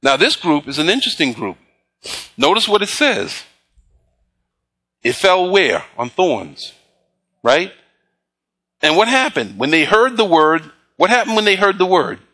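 A man preaching a sermon, reading scripture slowly and pausing to prompt the congregation with call-and-response questions. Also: high-pitched, big pitch swings, sharp tone. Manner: slow emphatic scripture reading. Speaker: pastor.

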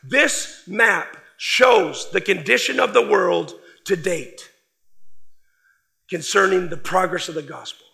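A male preacher with a high, sharp voice and heavy gravel running through it. He delivers a sermon emphatically, hitting key words hard and then letting phrases fall away softly. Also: slow pace. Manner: emphatic, swings from loud stresses to quiet trailing phrases.

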